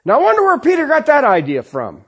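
A man with a very high-pitched voice preaches a sermon at a fast clip, his pitch swinging hugely. He peppers his points with rhetorical questions, checks in with the congregation with "okay?", and tells stories with animation.

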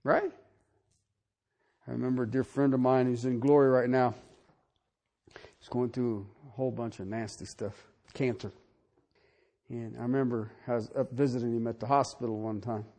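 A middle-aged male pastor preaching a sermon, swinging from soft asides to shouted emphasis. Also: medium pitch, fairly even intonation, normal speed, pauses often.

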